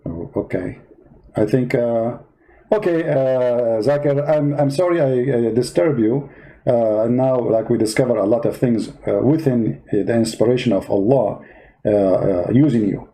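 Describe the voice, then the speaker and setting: A man's voice: mid-range voice, unhurried, warm tone, low-quality recording. A man hosting a parody debate, asking sarcastic, mock-innocent questions. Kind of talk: comedy skit.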